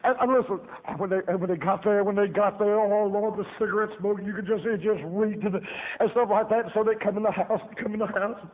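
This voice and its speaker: This preacher's high-pitched voice moves fairly quickly and stays fairly even as he recounts his testimony. Laughing often and circling back to the same phrases, he tells it in a homespun, emphatic manner, heard through a thin, phone-like radio signal.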